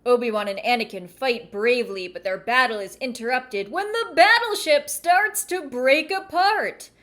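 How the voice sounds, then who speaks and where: A woman's voice: high-pitched, lively intonation, moderate pace, fairly bright tone. A woman reading a children's book aloud and breaking off for wry, chatty asides. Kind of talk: casual reading with commentary.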